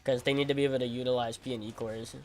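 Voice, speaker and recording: Rambling, animated male gaming streamer. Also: medium pitch, very fast, slight background noise. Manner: rambling, repeats himself, animated storytelling; casual slang, says "bro" and "freaking". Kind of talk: casual livestream chat while playing.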